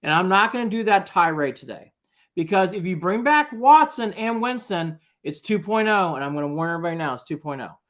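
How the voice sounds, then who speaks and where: A man's voice: high voice, lively intonation, a little fast, a bit bright. A man co-hosting a sports talk show, laying out his points with emphasis. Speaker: co-host.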